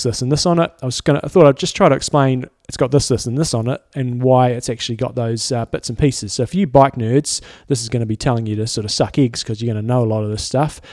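A man's voice: medium pitch, darkish tone, dry recording. Guy co-hosting a podcast, chatty, explains stuff, dry close sound. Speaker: podcast co-host. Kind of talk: casual podcast chat.

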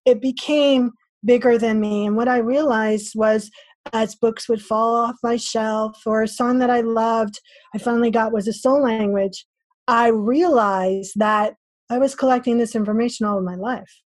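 Animated woman telling stories. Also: a little high, normal speed, dry recording. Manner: animated, acts out quoted voices. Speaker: podcast guest, spiritual teacher. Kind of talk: casual storytelling interview.

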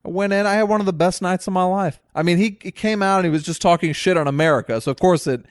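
Brief: male guest, rambling self-deprecating storyteller, a touch high, dry sound. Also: fast talker, dry recording. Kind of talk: casual chat.

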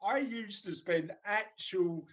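A man's voice: high voice, takes it slowly, a bit bright. A man hosting a podcast in casual chat, playful and teasing, often laughing. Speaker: podcast host.

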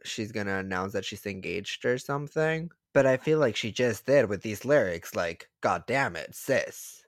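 A man's voice: fairly low pitch, normal speed, no room sound. Slangy young guy, dry close sound. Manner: slangy, excitable, swears freely. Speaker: podcast co-host. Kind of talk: casual gossip chat.

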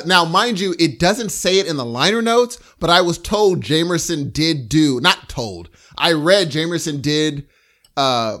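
A man co-hosting a podcast in a playful, animated casual chat. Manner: playful, animated, scats bass lines. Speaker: podcast co-host.

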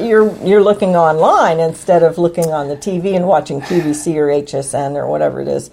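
A woman's voice: sits low, vocal fry, mellow. A woman co-hosting a show with her husband, chatting casually and teasing him. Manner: teasing, quick affirmations. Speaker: podcast co-host. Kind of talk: casual chat.

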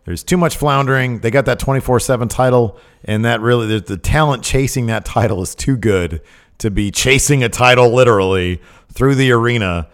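Man, podcast co-host, casual chat, excitable, mid pitch. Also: fairly quick, smooth. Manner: enthusiastic, rambling, laughs often.

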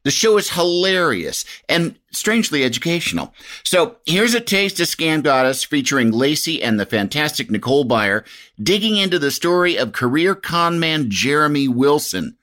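A man's voice: a little high, very animated, moderate pace, bright, forceful tone. A man reading a scripted podcast promo with a wry, playful comic delivery.

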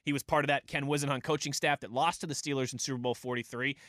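A man's voice: medium pitch, fairly even intonation, very fast, a bit bright, no echo, clean studio sound. A man hosting sports talk radio, chatting casually and reading listener tweets. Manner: conversational, reads listener tweets aloud.

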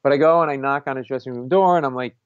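A male stand-up comedian tells a story in an animated way, often acting out the voices of the people in it and laughing as he goes. His voice comes through muffled and a little lo-fi. The sound is dry, with almost no room echo. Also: mid-range voice, rapid-fire, clear, resonant tone. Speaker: stand-up comedian, podcast host. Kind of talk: casual anecdote on a talk show.

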